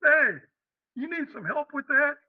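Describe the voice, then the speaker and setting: A man's voice: extremely high pitch, lively intonation, a little slow, no echo, phone-quality sound, voice pushed up. A man doing a cheery helpful stranger. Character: cheery helpful male stranger in a parking lot.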